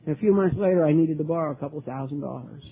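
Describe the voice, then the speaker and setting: An older man speaking at a recovery meeting, telling his story earnestly, with many halting restarts. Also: on the high side. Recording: tinny lo-fi recording, faint hiss.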